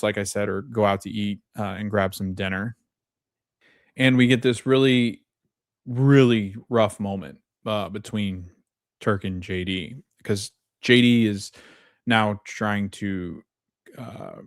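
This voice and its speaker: Low-voiced man recapping a show. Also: no room sound, clean studio sound. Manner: rambling, retells scenes with loose quotes and fillers. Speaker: podcast host. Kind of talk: casual recap and reaction.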